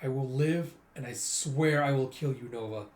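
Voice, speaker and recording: A man's voice: medium pitch, moderate pace, a little mellow, lightly acted. A man voicing a tormented young male fighter, strained and grim by turns.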